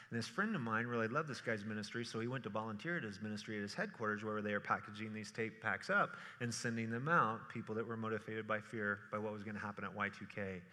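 A man preaching a sermon, telling stories with animated energy and acting out quotes in playful voices. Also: fairly low pitch. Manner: animated storytelling, acts out quotes in funny voices. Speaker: pastor. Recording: reverberant hall.

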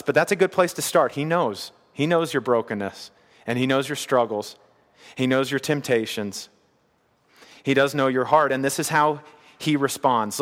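A man's voice: mid-range voice, a bit bright, long reverb tail. A man in his thirties preaching a sermon, earnest and conversational, repeating his key phrases. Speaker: pastor.

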